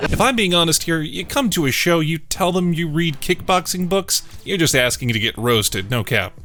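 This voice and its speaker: A man's voice: a little high, expressive, moderate pace, sharp tone, soft background music. A man giving scripted voice-over commentary on comedy clips, with wry, slangy asides. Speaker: compilation narrator.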